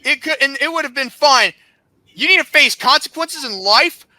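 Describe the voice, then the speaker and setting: Shrill, bright-voiced man ranting indignantly. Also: lively intonation, moderate pace, no room sound. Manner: heated, indignant, breaks into shouting; sarcastic, mocking. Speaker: podcast host. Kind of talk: angry rant.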